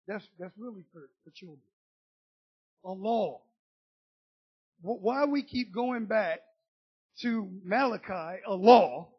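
A man's voice: sits high, lively intonation, measured pace, pauses often, slightly rough, lo-fi sound. A man preaching a sermon in a colloquial, joking way that rises into emphatic declarations.

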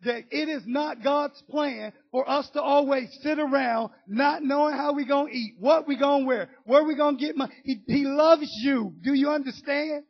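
A man's voice: very high-pitched, normal speed, gravelly, few pauses, dull audio. A man preaching a sermon in a colloquial, joking way that rises into emphatic declarations.

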